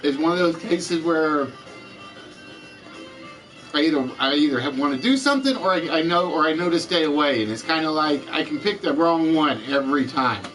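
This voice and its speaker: A man's voice: on the high side, moderate pace, a bit bright, faint music behind, rough recording. Chatty Southern US man hosting a game show. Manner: chatty, greets and answers viewers from the chat.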